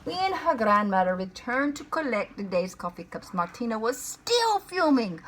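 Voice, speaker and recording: A woman reading a children's picture book aloud in an expressive, playful way. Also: on the high side, normal speed, few pauses, slight background noise. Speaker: storyteller.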